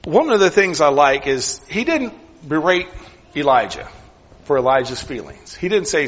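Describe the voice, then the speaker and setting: Male pastor, earnest sermon delivery with long pauses, fairly high husky voice, dull recording in a reverberant sanctuary. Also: very animated, fairly bright tone. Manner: earnest, with deliberate pauses; drops to near whisper for emphasis.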